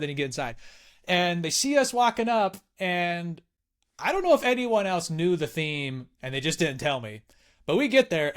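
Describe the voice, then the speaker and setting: A man's voice: fairly high pitch, fairly bright tone. A young man in his twenties telling a story in casual chat, swearing freely and acting out other people's lines. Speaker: podcast guest.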